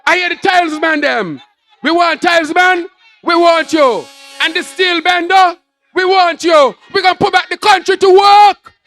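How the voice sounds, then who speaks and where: A man with a Kittitian accent giving a rousing political rally speech, shouting his lines in repeated, punchy phrases to an outdoor crowd. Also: extremely high pitch, normal speed, soft background music. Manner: shouted, rousing, repetitive call-and-response phrasing.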